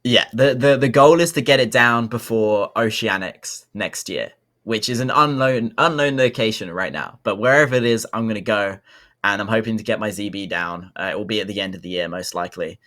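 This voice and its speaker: A man's voice: fairly low pitch, a little fast, a bit bright. A young man, co-hosting a podcast in a chatty, upbeat way with lots of fillers. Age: young adult. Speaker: podcast co-host. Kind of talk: casual podcast chat.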